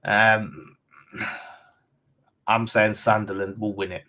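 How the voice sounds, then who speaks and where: A man's voice: lowish voice, steady tone, takes it slowly, bright, forceful tone. A man with an Essex accent hosting a casual fan live stream, reading out viewer comments in a blunt, chatty way and calling everyone mate. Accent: London and Essex.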